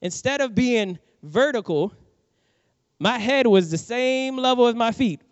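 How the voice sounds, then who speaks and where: A middle-aged man preaching a sermon, telling a personal story with animated acted-out quotes. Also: extremely high pitch, a little slow, dull audio, a little hiss or hum. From New Orleans, USA. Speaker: pastor.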